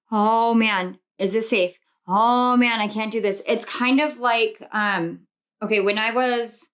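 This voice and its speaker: A woman's voice: on the low side, a bit bright. A woman giving a spiritual pick-a-card tarot reading. She speaks earnestly and reassuringly, stacks affirmations in rhythmic lists and drifts into personal tangents. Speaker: tarot reader.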